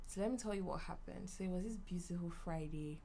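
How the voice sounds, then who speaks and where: Young woman, podcast host, lively story-time delivery. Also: lowish voice, fast, creaky, a little hiss or hum. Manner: bubbly, animated storytelling with laughs and acted-out quotes.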